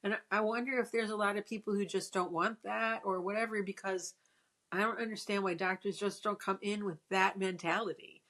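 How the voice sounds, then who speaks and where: A woman's voice: medium pitch, fairly even intonation, fairly quick, a bit bright. A woman in her sixties in casual conversation, telling a personal story with frequent restarts. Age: 60s. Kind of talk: casual chat.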